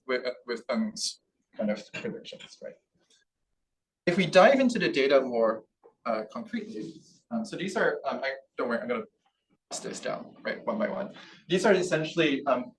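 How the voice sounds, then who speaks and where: A male researcher giving an academic seminar talk, explaining step by step and often checking in with "right?" along the way. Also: mid-range voice. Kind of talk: academic lecture. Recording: distant mic in a room with faint background noise.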